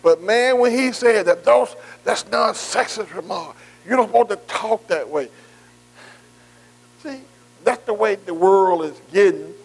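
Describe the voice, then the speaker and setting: Casting: male bible study teacher, high voice, folksy preaching with constant "see" and call-outs to listeners. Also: unhurried, vocal fry, poor audio. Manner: repetitive "see" and "am I right", engaging the room; folksy, informal grammar. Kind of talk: conversational preaching.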